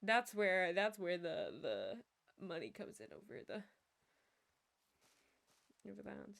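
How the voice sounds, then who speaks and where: A young woman chats casually on a stream, drifting from one story to another and laughing at herself along the way. Her voice sits at a typical middle pitch for a woman and is sing-song, slow, creaky and slightly bright, with a rambling, self-amused storytelling style full of laughs.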